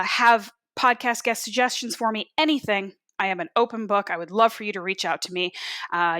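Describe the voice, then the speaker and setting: A woman's voice: mid-range voice, pushed and bright. A woman hosting a podcast, chatting casually and upbeat with plenty of fillers. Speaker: podcast host.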